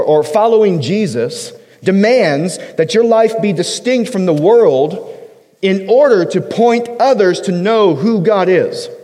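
High-voiced preacher in a reverberant hall. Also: male voice, mellow. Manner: conversational preaching with joking asides; emphatic, punches single words. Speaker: pastor. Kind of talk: sermon.

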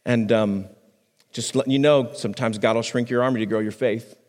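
A man, a pastor, preaching a sermon on a microphone in a conversational way, restarting phrases and swinging his pitch up and down for emphasis. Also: fairly even intonation, brisk, a little mellow, big-room sound. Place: church sanctuary.

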